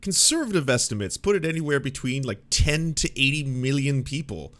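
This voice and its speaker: A man's voice: mid-range voice, expressive, fairly quick, fairly bright tone. A man hosting a reaction video, swearing in exasperation and reading passages aloud. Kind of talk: profane reaction commentary.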